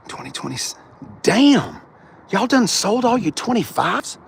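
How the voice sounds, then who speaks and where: A man's voice: high-pitched, big pitch swings, measured pace, creaky, a little hiss or hum. A man hosting a casual live car walkaround on a sunny outdoor dealership lot, rowdy and joking, swearing freely.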